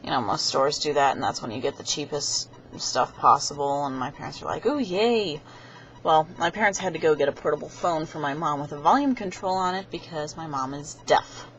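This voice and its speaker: Chatty young woman, low voice, lo-fi webcam. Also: a little fast, few pauses, a bit bright, a little hiss or hum. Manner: chatty, rambling, acts out quoted voices. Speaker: vlogger. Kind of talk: casual storytelling to webcam. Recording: dull lo-fi webcam audio.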